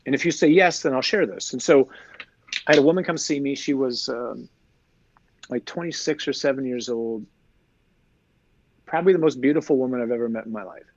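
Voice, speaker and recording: A man who is a priest, explaining his faith in a lively conversational way, full of rhetorical questions. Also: medium pitch, brisk, long pauses, muffled recording, a little hiss or hum. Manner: animated storyteller, rhetorical questions. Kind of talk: conversational teaching.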